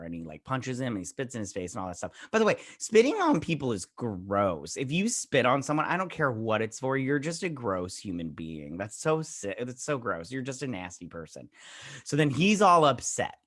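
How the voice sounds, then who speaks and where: A man's voice: mid-range voice, very animated, brisk, fairly bright tone, no echo, clean studio sound. A man giving a casual, rambling spoken review of a TV episode, full of fillers and loose retellings of scenes. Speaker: YouTube reviewer.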